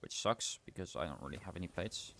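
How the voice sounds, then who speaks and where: A man's voice: deep voice, expressive, brisk, vocal fry, a bit bright, slight background noise. A young man streaming a game, thinking aloud in rambling casual commentary and often correcting himself. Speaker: livestreamer.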